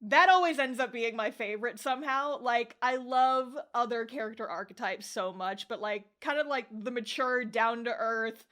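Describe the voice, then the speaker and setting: A young woman hosts a casual podcast chat, reviewing anime with a co-host. Her voice sits a little high. She is animated and laughs easily, with some casual swearing. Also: moderate pace, few pauses.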